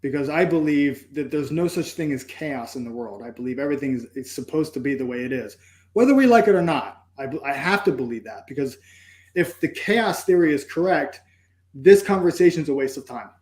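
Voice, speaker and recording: Earnest reflective storyteller, man, slightly high voice, roomy echo. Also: expressive, fairly quick, darkish tone. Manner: earnest, reflective, acts out inner dialogue with "I'm like". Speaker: podcast guest, entrepreneur. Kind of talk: emotional personal storytelling.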